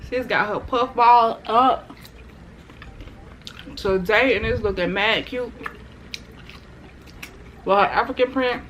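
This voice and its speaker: A woman's voice: on the high side, slow pace, pauses often, a bit bright, a little hiss or hum, poor audio. Chatty woman talking between bites. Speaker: food vlogger. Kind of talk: casual mukbang chat.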